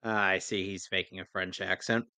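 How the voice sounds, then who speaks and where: A man's voice: low-pitched, flat delivery, normal speed, bright, forceful tone, dry recording. A man riffing on a film with a co-host, making sarcastic quips at the screen. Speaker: movie commentary co-host. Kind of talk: casual movie riffing commentary.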